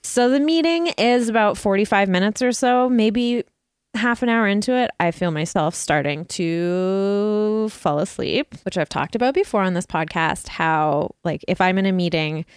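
A woman's voice: mid-range voice, lively intonation, normal speed, clean tone, no echo, studio quality. A woman hosting a podcast, telling a story in a chatty, self-mocking way and laughing often. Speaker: podcast host. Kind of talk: casual chat.

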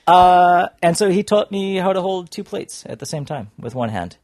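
A man's voice: sits high, expressive, normal speed, darkish tone, no echo, clean studio sound. A young man co-hosting a casual podcast chat, telling a self-mocking story with lots of fillers and restarts. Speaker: podcast co-host.

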